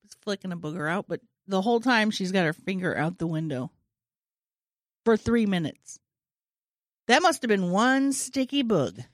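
A woman co-hosting a podcast in casual chat, her pitch lively and bouncing as she tells stories. The sound is dry and close-miked. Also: normal speed, long pauses, dry recording. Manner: animated storyteller. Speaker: podcast co-host.

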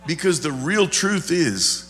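A man's voice: a little high, sing-song, slow pace, a bit bright, slight background noise. A man preaching a conversational, folksy sermon, often checking in with the congregation. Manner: folksy, asks the congregation questions. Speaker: pastor.

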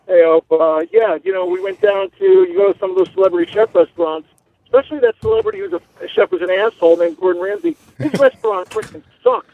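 Male caller, enthusiastic, raspy, phone-line sound. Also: high voice, animated, quick pace, no room sound. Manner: enthusiastic, casual. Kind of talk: call-in chat.

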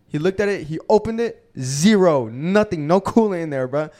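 A young man hosting a podcast, telling a profane, animated story and acting out the quotes in casual chat. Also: on the high side, moderate pace. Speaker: podcast host.

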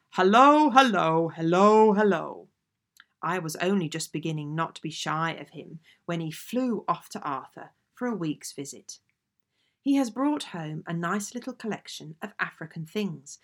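A woman with a lowish voice reads from old family letters, keeping a measured, genteel pace throughout. Her tone carries a steady gravelly fry at the ends of phrases. The reading sounds like a careful, scripted narration. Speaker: audiobook reader.

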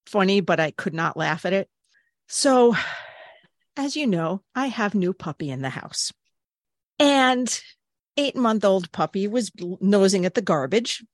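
A woman's voice: mid-range voice, very animated, a little slow, no echo. A woman on a podcast telling a funny story casually, acting out voices and swearing freely. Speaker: podcast co-host, dog groomer.

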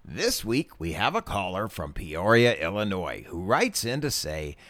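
A deep, smooth male radio countdown host, as a man puts him on. He talks low and slow in a polished announcer style, and the sound is close and dry with no room around it. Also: sing-song, a bit bright, no echo, heavily acted.

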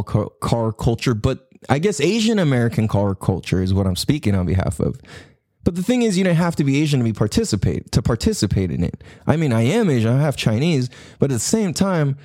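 A man's voice: mid-range voice, warm tone, dry recording, clean studio sound. A man in a casual, rambling monologue who swears a lot, laughs often and keeps checking in with his listener. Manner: rambling, profane, laughing, slips into quick impressions.

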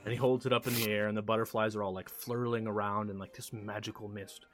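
A man's voice: lowish voice, little pitch movement, quick pace, a bit bright, faint music behind. A man running a tabletop game, narrating in a casual, rambling way. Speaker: game master.

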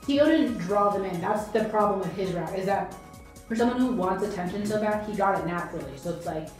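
A woman's voice: medium pitch, expressive, brisk. Wry young woman in a very echoey room. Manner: wry, sarcastic quips. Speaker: podcast co-host. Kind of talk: casual chat. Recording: very echoey room, faint music.

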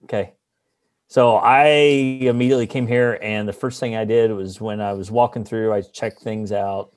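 A man's voice: lowish voice, level tone, normal speed, darkish tone, dry recording. A man playing a tabletop role-playing game, thinking aloud and laughing easily. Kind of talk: casual in-character game talk.

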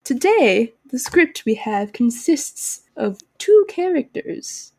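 A young woman co-hosts a podcast in a playful, casual chat and laughs easily. Her voice is high. The sound is close and dry. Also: big pitch swings, slow, vocal fry, mellow, no room sound. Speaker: podcast co-host.

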